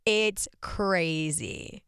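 A young woman co-hosting a casual podcast. She is giggly and upbeat, and her pitch swings widely. Her voice is close and dry. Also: expressive, extremely slow, gravelly, fairly bright tone, smooth, dry recording. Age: 20s. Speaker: podcast co-host. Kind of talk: casual chat.

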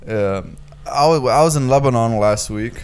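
A young man from Germany, co-hosting a casual podcast chat and telling a story in a lively way that turns heated. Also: mid-range voice, normal speed, clean tone. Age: young adult. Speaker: podcast co-host.

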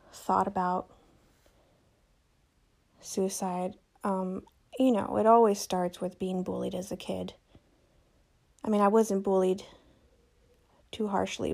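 A woman's voice: mid-range voice, vocal fry, a little mellow. A young woman hosting a solo podcast, talking casually, joking and correcting herself as she goes. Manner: chatty, self-correcting, joking. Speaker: podcast host.

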